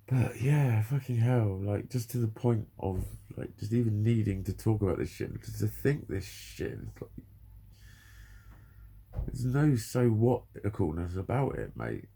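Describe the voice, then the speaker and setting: A man's voice: fairly low pitch, lively intonation, moderate pace, vocal fry, dark tone, a little hiss or hum. A man in his forties talking candidly and emotionally to camera, swearing heavily in a confessional monologue. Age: 40s. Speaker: vlogger.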